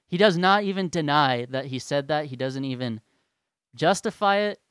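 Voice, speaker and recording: Young guy ranting and swearing, kinda high voice, smooth and dry. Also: animated, moderate pace, a bit bright, no room sound. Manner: profane, heated and sarcastic. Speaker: vlogger. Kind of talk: angry rant.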